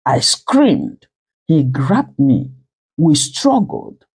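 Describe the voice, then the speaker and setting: A woman narrating a dramatic first-person story with slow, emotional delivery. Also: low voice, very animated, creaky, a little mellow, slightly rough.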